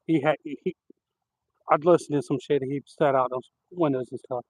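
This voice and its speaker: A man telling rambling, animated stories on a live stream, outdoors at night. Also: on the high side, moderate pace, no echo, rough recording. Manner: rambling, animated anecdotes with laughter. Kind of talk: casual outdoor storytelling.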